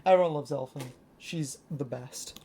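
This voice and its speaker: In a casual show-and-tell, a young British toy collector speaks at a moderate pace in a mid-range voice, rambling with enthusiasm and lots of fillers. Slight background noise can be heard.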